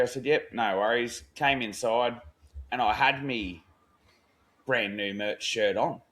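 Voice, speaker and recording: A man's voice: medium pitch, unhurried, pauses often, a bit bright. Australian man, podcast co-host, casual storytelling, slangy, swears. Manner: swearing, slangy yarn-telling, acts out quotes.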